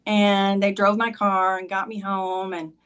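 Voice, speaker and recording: A woman's voice: mid-range voice, level tone, unhurried, a bit bright, clean tone. A woman talking as a podcast guest, telling a personal story in a conversational way and often saying "like" and "he goes".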